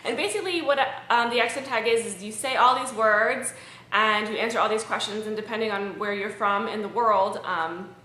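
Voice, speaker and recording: Bright, chatty woman vlogger. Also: medium pitch, normal speed. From Maryland, USA. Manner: chatty, rambling, with frequent ums. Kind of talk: casual chat to camera. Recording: echoey room.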